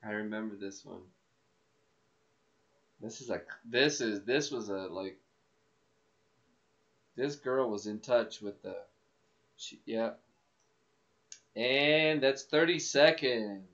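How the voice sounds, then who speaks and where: A man's voice: lowish voice, slow, long pauses. A man hosting a podcast in casual chat, rambling with many restarts and fillers. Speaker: podcast host. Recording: dull lo-fi recording.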